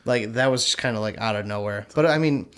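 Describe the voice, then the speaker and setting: A man's voice: lowish voice, fast talker, clean tone. Laid-back young male podcast co-host. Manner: relaxed, swears casually, laughs. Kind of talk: casual chat.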